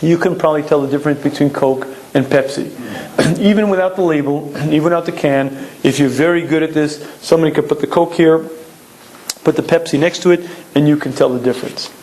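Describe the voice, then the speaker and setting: A man giving a recorded Torah lecture, explaining emphatically and clearing his throat often. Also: fairly high pitch, a little fast, a little mellow, rough recording.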